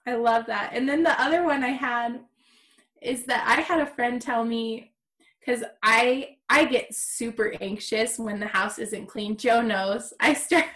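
A woman's voice: on the high side, steady tone, a little slow, fairly bright tone. A woman guest on a podcast, chatting candidly and laughing often. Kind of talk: casual podcast chat.

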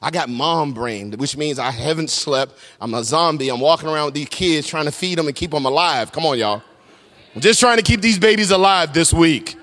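A middle-aged man preaching a sermon as pastor, swinging between loud shouts and hushed low tones. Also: animated, fairly quick, big-room sound. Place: large church sanctuary.

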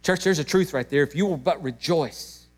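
A middle-aged man preaching a sermon to his church, emotional, swinging between loud emphatic peaks and hushed moments. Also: on the high side, moderate pace. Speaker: pastor.

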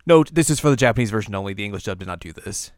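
A man's voice: lowish voice, lively intonation, racing, dry recording, clean studio sound. A man co-hosting a casual episode recap, retelling scenes animatedly and laughing often. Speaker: co-host.

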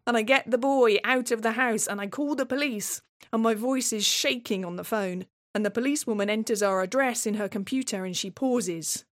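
A woman's voice: fairly high pitch, normal speed, hardly any pauses, dry recording, clean studio sound. A woman performing a scripted dramatic monologue in a tense, wary, obsessive way. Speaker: playwright and solo performer.

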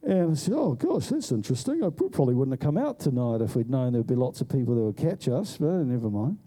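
A man's voice: mid-range voice, fast talker. A man telling a story in a sermon, acting out the voices of the people in it. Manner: animated storyteller who acts out voices. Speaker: preacher.

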